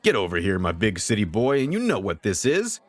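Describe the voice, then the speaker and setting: A man's voice: fairly low pitch, wildly swooping pitch, brisk. A man doing a boisterous, firm dad. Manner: boisterous, warm but firm. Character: boisterous loving father cooking for a crowd.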